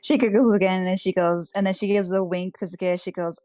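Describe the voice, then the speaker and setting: A woman's voice: on the low side, steady tone, a little fast, a little mellow, dry recording. A woman narrating her character's actions in a tabletop game, in a loose, descriptive way. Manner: descriptive, with frequent "kinda" and "she goes". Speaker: player.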